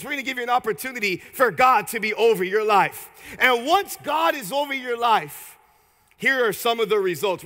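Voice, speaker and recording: A man pastor preaching an energetic sermon in a church, leading the congregation in call-and-response. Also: very high-pitched, long reverb tail. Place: church sanctuary.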